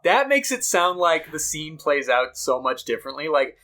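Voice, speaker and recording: A man's voice: fairly high pitch, big pitch swings, normal speed, pushed and bright. A man co-hosting a casual podcast chat, rambling and laughing often as he talks. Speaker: podcast co-host.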